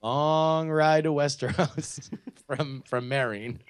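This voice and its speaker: A man's voice: on the high side, slow, clean tone. A man co-hosting a podcast, chatting casually about TV shows with many restarts and fillers. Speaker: podcast co-host. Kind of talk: casual chat.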